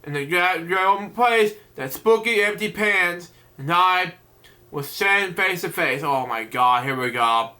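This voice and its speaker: This high, bright-voiced man reads a children's bedtime book expressively but haltingly, tripping and starting words over. Along the way he drifts into casual side remarks about the tale.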